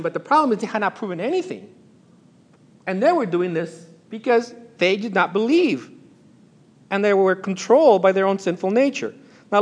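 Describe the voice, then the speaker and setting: Male preacher, slightly high voice, emphatic delivery that drops to quiet asides. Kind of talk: sermon with read-aloud passages.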